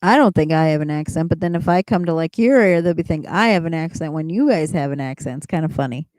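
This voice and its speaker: A woman's voice: low voice, lively intonation, fast, darkish tone, no echo. A middle-aged woman hosting a casual livestream chat, rambling as she answers viewers and laughing often. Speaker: livestream host chatting with viewers.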